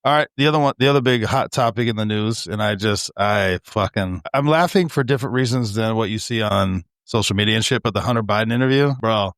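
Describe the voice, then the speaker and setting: A man co-hosting a podcast, telling stories in an animated, swearing, laughing casual chat. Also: lowish voice, quick pace, hardly any pauses, no echo, studio quality. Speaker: podcast co-host.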